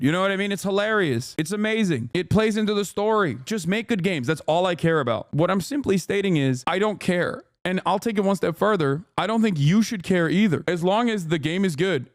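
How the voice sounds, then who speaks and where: A man hosting a livestream who rants through casual commentary with a fairly high voice. He swears freely and hits his points with animated emphasis. The sound is dry and close. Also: fairly quick, few pauses, dry recording. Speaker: streamer host.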